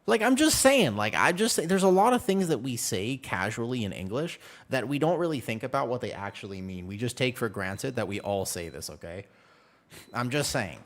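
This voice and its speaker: A young man streaming a video game, joking and chatting with his viewers in a casual, animated way. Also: medium pitch. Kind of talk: casual gaming stream chat.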